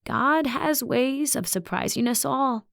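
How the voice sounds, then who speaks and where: A woman narrator voicing an elderly female school principal, speaking softly and with measured sorrow. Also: high voice, lively intonation, creaky, no room sound, studio quality, pitched above the performer's own voice, heavily acted. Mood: calm, guarded. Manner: soft, measured, quietly sorrowful.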